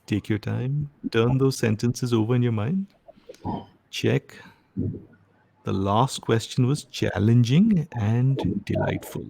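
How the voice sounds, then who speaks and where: A male test-prep instructor runs a live online lesson with a gravelly, mellow voice. He keeps pausing to ask if everyone is following. The sound is close and dry, with no room echo. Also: mid-range voice. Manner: frequent comprehension checks, asks "right?" often.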